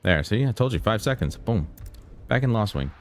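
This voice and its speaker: A man doing casual let's-play commentary on a stream, joking and often jumping to loud exclamations. His voice sits a little low and swings widely in pitch. Faint game music plays behind him. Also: lively intonation, moderate pace. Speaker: streamer playing a video game.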